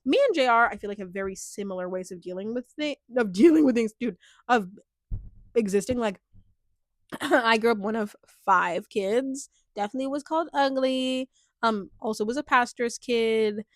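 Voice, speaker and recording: A young woman vlogs a casual reality-show recap in a slightly high voice at a moderate pace. She's chatty, packs in filler words, and laughs often as she reacts. The recording is dry and studio-clean.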